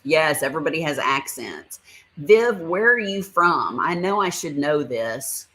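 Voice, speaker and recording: Woman, livestream host, low voice, chatty and laughing, reads viewer comments aloud. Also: expressive, a little slow, a bit bright. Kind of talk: casual live chat.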